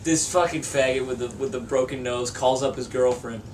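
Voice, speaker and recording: A man's voice: mid-range voice, fairly even intonation, fairly quick. A young man in a band, casually telling a long, profane story in an interview and laughing through it. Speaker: band member. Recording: distant mic with faint room noise.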